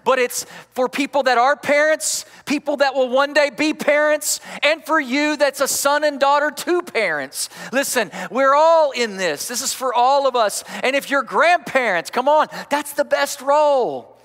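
A high-voiced man preaches with a bright, pushing edge, coaxing his congregation with repeated call-outs. His sermon rings out with a long reverb trailing through a big church sanctuary. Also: unhurried, few pauses. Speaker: pastor. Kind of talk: energetic sermon.

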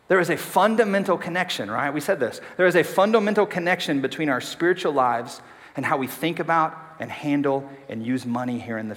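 Chatty pastor in a reverberant hall. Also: male voice, high voice, a bit bright. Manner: conversational, self-deprecating, asks the congregation questions. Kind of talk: sermon. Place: church sanctuary.

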